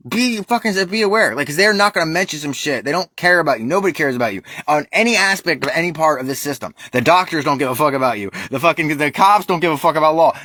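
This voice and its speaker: A man's voice: high-pitched, sharp tone, no echo. An American man delivering a heated, profane ranting monologue with emphatic, crude language. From United States. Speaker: vlogger.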